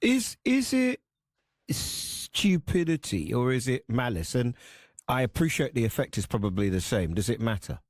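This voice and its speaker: A radio host leading a studio chat, playful and teasing, with a lively voice that swings widely in pitch. He acts out small anecdotes as he goes. The sound is dry and close. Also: moderate pace, no echo. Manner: animated, teasing, acting out anecdotes. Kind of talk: radio talk show.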